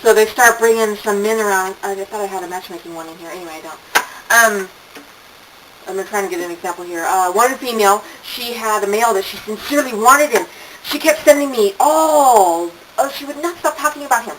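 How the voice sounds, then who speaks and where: An older woman tells stories in a loose, chatty way and slips into little acted-out voices. Her pitch sits in a middling range. She is recorded a bit away from the microphone, with faint noise behind her. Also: fairly quick, fairly bright tone, far from the mic, poor audio. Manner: chatty storytelling, acts out quoted voices, laughing asides. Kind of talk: casual monologue.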